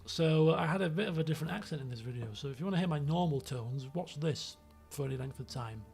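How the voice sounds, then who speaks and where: Yorkshire man, streamer, raised pitch, gravelly, rambling casual chat, faint music under. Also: lively intonation, fast talker, a little mellow. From Yorkshire, England. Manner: rambling, many fillers and restarts.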